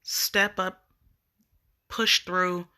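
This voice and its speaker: A woman's voice: on the low side, level tone, very slow, pushed and bright. A woman vlogger ranting casually on a live video, blunt and profane as she tells her story.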